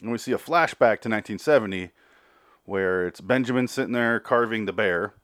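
A man's voice: on the low side, fairly quick, a bit bright, no echo, studio quality. Rambling man recapping a TV episode. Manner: rambling, crude jokes, acts out quotes. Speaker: TV recap commentator.

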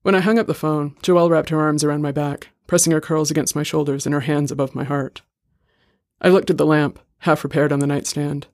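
A man reading a short story aloud in a steady, measured way. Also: a little high, dry recording, clean studio sound. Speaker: story reader. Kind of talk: scripted narration.

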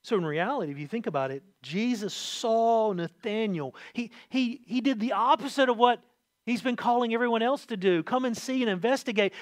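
A man preaching with a high, light voice, recorded dry and close with almost no room sound. He is animated, repeating words as he goes, dropping to quiet asides and rising to loud emphasis. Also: no echo. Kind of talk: sermon.

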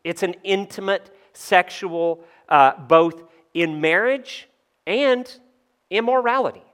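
Taking his time in a high-pitched, slightly bright voice with a clean tone, the pastor preaches conversationally to his congregation. Self-deprecating humor runs through the sermon, and he frequently asks the room "right?".

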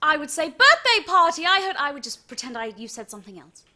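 High, bright, cheerful comedy co-host woman. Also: animated, fast. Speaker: comedy co-host, sketch performer. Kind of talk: improvised comedy banter.

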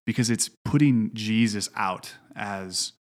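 A man's voice: fairly low pitch, slow pace. A middle-aged man, a preacher, talks through a Bible passage in a casual discussion, thinking aloud with frequent fillers and restarts. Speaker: preacher discussing his sermon.

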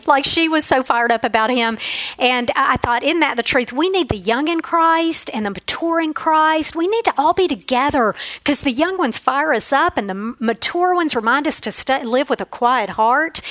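A woman's voice: fairly high pitch, fairly bright tone, dry recording, rough recording. A woman giving an earnest, emotional devotional Bible teaching, telling stories from her own life.

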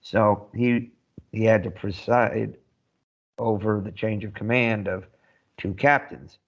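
Low-voiced man telling wry stories, muffled. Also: fairly even intonation, slow. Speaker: podcast co-host and army veteran. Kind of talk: casual chat, anecdotal storytelling. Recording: dull, muffled lo-fi sound.

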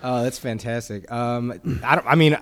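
A man's voice: medium pitch, no echo. A man co-hosting a podcast, chatting casually and enthusiastically. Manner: enthusiastic, talks in quick bursts. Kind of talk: casual chat.

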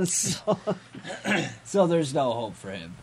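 Podcast co-host, male, unhurried and giggly, acts out quotes; light background noise. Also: on the high side, vocal fry. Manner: giggly, animated retelling of a comic, acts out quotes. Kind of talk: casual podcast chat.

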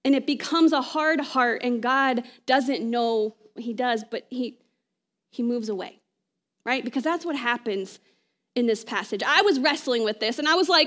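A woman preaching a conversational sermon, often checking in with "right?" and slowing down to read scripture aloud. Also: sits high, expressive, fairly bright tone.

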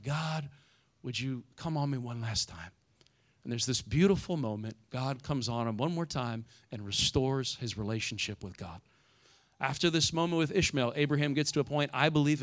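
In a fairly high voice, a middle-aged pastor gives a sermon in a conversational style. He swings from loud, emphatic lines to soft, hushed moments and frequently adds "right?"

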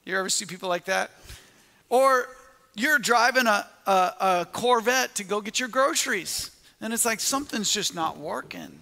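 High, bright-voiced man preaching. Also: animated, normal speed, gravelly, in a large hall. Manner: storytelling with repeated restarts and quoted asides. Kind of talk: sermon.

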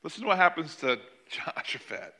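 A man delivers a sermon with a bright, forceful voice pitched a little high. He retells a Bible story with lively energy, slipping into the characters' lines as he goes. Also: fairly quick. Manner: animated storytelling, acting out quoted lines. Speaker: pastor.

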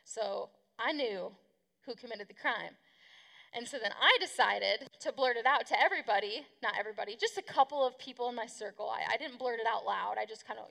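A woman's voice: a little high, brisk, gravelly, pushed and bright, in a large hall. A woman preaching a casual youth sermon, chatty and slangy, acting out the people she talks about. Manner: chatty, slangy, acts out quotes. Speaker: youth pastor.

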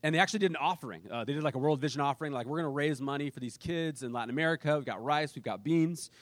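Man, pastor, sermon, relaxed storytelling, dry close sound. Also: a little high, racing, no room sound. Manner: casual storytelling with animated quoted voices.

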